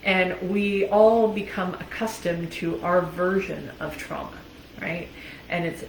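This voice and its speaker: Lower-voiced chatty woman coach, roomy sound. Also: slight background noise. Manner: chatty and candid, laughs often, swears casually. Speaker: life coach. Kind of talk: casual motivational talk.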